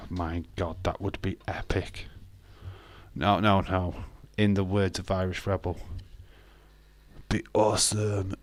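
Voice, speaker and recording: A man's voice: low voice, little pitch movement, takes it slowly, no echo. A man hosting a live wrestling watch-along, chatting casually in a sarcastic, joking way and swearing freely.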